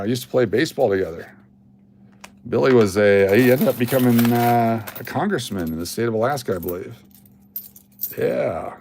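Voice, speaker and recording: A man's voice: medium pitch, gravelly, a little mellow. A man hosting a coin roll hunting livestream, rambling, joking and answering his chat as he works. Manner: rambling, jokey, talks to chat.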